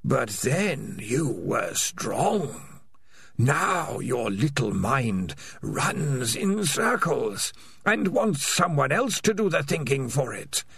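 A sinister, non-human rat-spirit in a storybook reading, hissing out its words slowly in a breathy whisper. The sound is dry and close, and the voice dips and climbs widely as it taunts. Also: male voice, medium pitch, sing-song, fairly bright tone, dry recording, exaggerated voice. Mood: cold. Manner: slow, breathy, menacing whisper. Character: sinister male rat-mind whispering in a cat's head.

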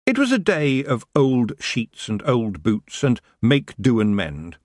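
A man narrating a fantasy audiobook in a lively storytelling manner. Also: mid-range voice, takes it slowly, no room sound, clean studio sound. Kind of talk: scripted narration.

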